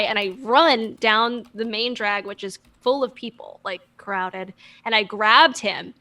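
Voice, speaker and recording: A woman's voice: mid-range voice, steady tone, moderate pace, few pauses, sharp tone. A woman musician guest, telling stories in a casual, rambling, self-deprecating way. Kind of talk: casual storytelling chat.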